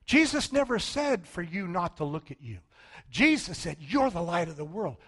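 A male pastor preaching with a very high, bright, ringing voice. He swings between booming shouts and hushed, low asides. He acts out the voices of his listeners as he goes. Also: big pitch swings, normal speed, breathy edge. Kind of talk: sermon.

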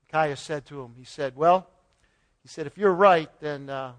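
A man's voice: on the high side, normal speed. A man giving an informal Bible teaching, retelling the story in a folksy way with paraphrased dialogue and chuckles. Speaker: preacher.

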